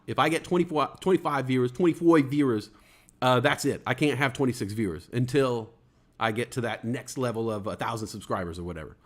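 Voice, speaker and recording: Rambling, jokey male livestream host. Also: mid-range voice. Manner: rambling, with many fillers and stuttered restarts; jokey, playful wordplay. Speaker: livestream talk show host. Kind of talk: casual rambling livestream chat.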